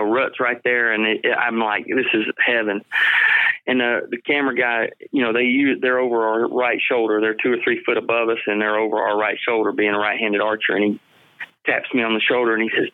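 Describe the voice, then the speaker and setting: A middle-aged man, telling a rambling, laughing hunting story in a casual way. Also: mid-range voice. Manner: rambling, animated, laughs often, repeats himself. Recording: tinny phone-line sound.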